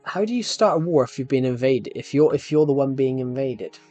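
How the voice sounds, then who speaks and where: A man's voice: mid-range voice, lively intonation, a little fast, mellow, soft background music. A man streaming live, chatting in a rambling, casual way and talking straight to his viewers. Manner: rambling, addresses viewers directly. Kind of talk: casual live-stream chat while gaming.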